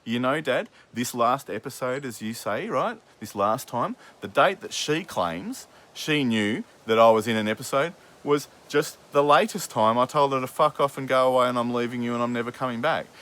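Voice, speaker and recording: A man's voice: mid-range voice, expressive, moderate pace, few pauses, fairly bright tone. A man hosting a podcast who argues angrily with his father, swearing often and talking over him. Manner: angry and swearing, talking over the other speaker. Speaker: podcast host. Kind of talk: heated family argument.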